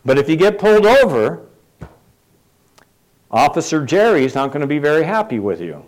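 A man's voice: fairly high pitch, very animated, moderate pace, low-quality recording. A middle-aged man preaching a sermon in a conversational way, putting questions to the congregation and adding light asides. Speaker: pastor.

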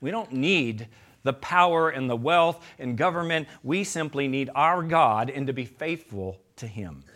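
A man's voice: medium pitch, expressive, measured pace. Male pastor, emphatic sermon delivery, tense, ringing tone. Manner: emphatic preaching, swings from loud to hushed; addresses listeners as beloved.

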